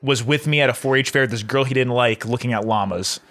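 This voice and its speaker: A man's voice: mid-range voice, a little fast, fairly bright tone. Young man in laid-back, laughing chat. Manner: laughs often, swears freely, tells stories with acted-out quotes. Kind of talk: casual chat.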